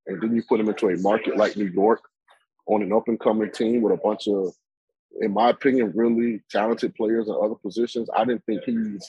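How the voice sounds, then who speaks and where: A man with a low, husky voice lays out his football takes in a loose, rambling way, full of "you know" and restarts. The sound is dry and close, with no room around it. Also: dark tone, no room sound, rough recording. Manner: rambling, opinionated, many fillers and restarts. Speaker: football analyst guest. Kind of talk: sports talk discussion.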